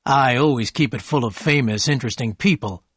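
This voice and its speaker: Storybook: man playing an eager, courteous rich gentleman, mid pitch, dry. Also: brisk, slightly rough, dry recording, close to an everyday voice. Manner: warm, eager host calling others old sport.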